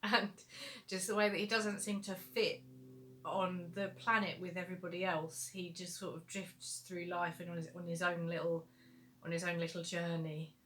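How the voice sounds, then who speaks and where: A woman's voice: on the low side, level tone, normal speed, fairly bright tone, slight background noise. A young adult woman, an author answering viewer questions in a casual livestream Q&A, chatty and rambling with lots of fillers.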